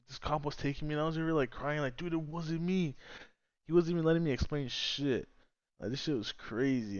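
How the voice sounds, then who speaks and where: A young man rambles through a story in a casual, profane vlog voice. His tone is smooth and clear, at a middle pitch. The recording is dry and a little dull. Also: dry recording. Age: young adult. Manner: profane, rambling, animated retelling. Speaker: vlogger.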